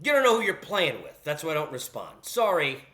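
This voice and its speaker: A male sports talk host rants on his own, sarcastic and scolding toward fans. His voice sits high for a man and swings widely in pitch. The tone is bright and forceful throughout. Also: a little fast. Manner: emphatic, animated delivery. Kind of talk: solo sports talk rant.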